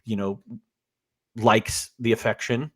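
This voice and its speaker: A man's voice: fairly low pitch, takes it slowly. A man co-hosting a film podcast, chatting casually and hesitantly with frequent "uh" and "um". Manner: relaxed, hesitant with "uh" and "um". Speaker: podcast co-host. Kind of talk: casual chat recapping a film.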